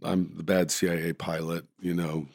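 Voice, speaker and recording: Man, low gravelly voice, rambling amused storytelling, dry close sound. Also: little pitch movement, normal speed, darkish tone, no echo. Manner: rambling, self-correcting, amused. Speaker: actor guest. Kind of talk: casual anecdotal storytelling.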